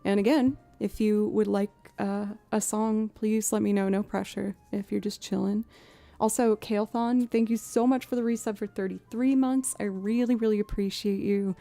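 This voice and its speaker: Streaming live, this thirtysomething musician from New England, just outside Boston, rambles casually with her viewers, peppering her talk with fillers in a Boston accent edged with Southern twang. Her mid-range voice is gravelly, mellow and steady at normal speed, on a dry recording with faint music behind.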